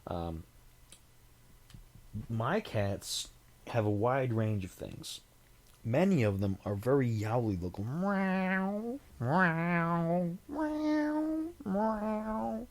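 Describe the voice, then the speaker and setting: A man with a somewhat low voice hosts a podcast on his own. He talks in a casual, meandering way, pokes fun at himself, and breaks in with homemade animal noises. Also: lively intonation, slow, pauses often, darkish tone. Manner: chatty, self-deprecating, imitates cat sounds. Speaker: podcast host. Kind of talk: casual rambling monologue.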